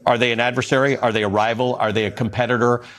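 A man's voice: mid-range voice, fast talker. A man anchoring a cable news show, reading quoted editorials and questioning his panel. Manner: lively, quotes editorials then reacts with incredulity.

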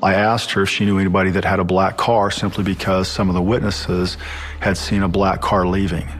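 A man's voice: low voice, little pitch movement, fairly quick. A man, a police detective, speaking in an interview in a plain, matter-of-fact way.

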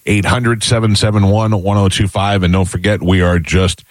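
A man's voice: low-pitched, level tone, normal speed, dry recording. A middle-aged man hosting a morning radio show, telling stories dryly and acting out the quotes, on a studio mic. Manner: dry storytelling, acts out quotes. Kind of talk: casual morning radio chat.

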